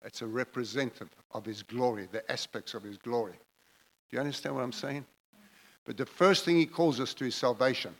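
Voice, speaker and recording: A man's voice: medium pitch, brisk, low-quality recording. A man preaching a sermon, emphatic and repetitive, building his phrases in intensity as he goes.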